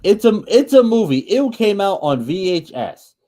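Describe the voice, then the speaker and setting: Animated, ranting man podcaster. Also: sits high, moderate pace. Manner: rambling, profane, stammering restarts. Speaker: podcast co-host. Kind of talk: casual podcast chat.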